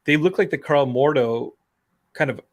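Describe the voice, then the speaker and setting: A man co-hosting a casual podcast, telling stories in an animated way and swearing freely. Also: a little high, moderate pace. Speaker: podcast co-host.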